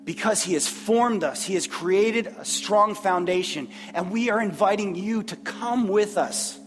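An earnest male pastor with a high voice delivers a sermon, often repeating himself as he gathers his words. His voice carries a long hall reverb, with faint music underneath. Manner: earnest, repeats phrases, preacherly pauses. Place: church sanctuary.

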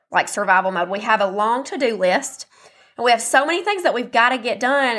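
A woman's voice: medium pitch, pushed and bright. Woman, 30s-40s, solo podcast host; chatty and encouraging, voice scratchy and muffled with allergies. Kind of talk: casual solo podcast chat.

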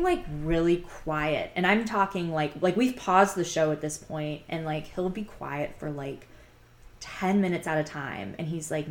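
A young woman telling her own dating story in a chatty, confiding way, full of "like" fillers. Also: fairly low pitch. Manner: chatty, heavy use of "like" fillers; frank and confiding, sighs between thoughts. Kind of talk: casual personal storytelling.

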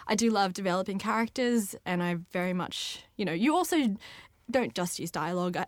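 A woman's voice: mid-range voice, no room sound. A young woman, an author answering interview questions in a bubbly, chatty way with frequent laughs. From Australia. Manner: bubbly, laughs often, lively asides. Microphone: studio microphone.

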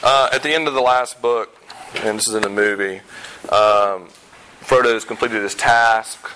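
A pastor preaching a sermon in a conversational way, with self-deprecating humor and emphatic repetition of key points. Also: male voice, on the low side, fairly even intonation, unhurried, background noise. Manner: emphatic, repeats key phrases.

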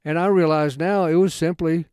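Man teaching scripture, folksy and halting, smooth voice, slightly high, dry close sound. Plain conversational delivery. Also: steady tone, a little mellow, no room sound. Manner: rambling and halting, with many restarts. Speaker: Bible teacher. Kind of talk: informal Bible study talk.

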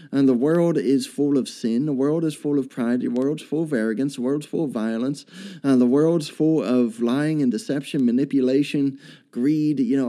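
Male preacher, mid-high voice, mellow tone, earnest repetitive delivery with fillers. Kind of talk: sermon.

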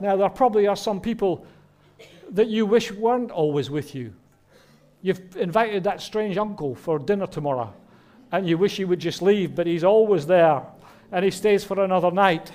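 Male pastor, fairly high voice, earnest sermon delivery. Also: animated, moderate pace. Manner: earnest, warm preaching with rhetorical questions. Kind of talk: Christmas sermon.

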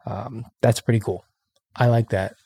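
A man's voice: mid-range voice, steady tone, a little slow, warm tone, breathy edge, dry recording, clean studio sound. A man hosting a casual podcast, reading news stories and ranting about them with sarcasm. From Illinois. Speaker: podcast host.

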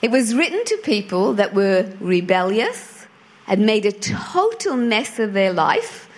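A middle-aged woman preaching to a church congregation, chatty and animated as she tells a personal story. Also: medium pitch, unhurried. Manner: conversational, animated storytelling with acted quotes. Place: church hall before a congregation.

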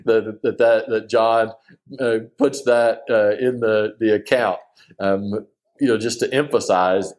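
A man with a somewhat low voice walks through a scripture passage like an informal study leader. He talks loosely and earnestly, pausing on "uh" and restarting his sentences as he thinks aloud. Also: fairly even intonation, a little mellow. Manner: loose and conversational, with many "uh"s and restarts; earnest and enthusiastic about the text. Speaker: Bible teacher. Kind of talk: casual Bible study commentary.

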